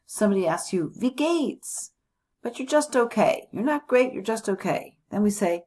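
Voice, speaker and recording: A woman from the United States teaching a language lesson, slowly modeling phrases and repeating them for students. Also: medium pitch, darkish tone, breathy edge.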